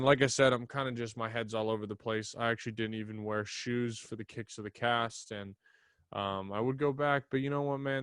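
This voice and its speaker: A man's voice: mid-range voice, clear, resonant tone, no echo, clean studio sound. A young man hosting his podcast alone, chatting loosely and rambling, with casual swearing. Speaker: podcast host. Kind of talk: casual solo podcast chat. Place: small home studio. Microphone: desk mic in front of a camera.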